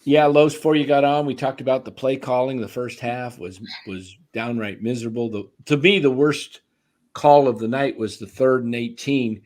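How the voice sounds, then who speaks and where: A man's voice: medium pitch, fairly even intonation, normal speed, darkish tone. Rambling, stop-start man host. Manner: rambling, stop-start, frequent fillers and restarts. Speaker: sports show host. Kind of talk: casual live stream chat.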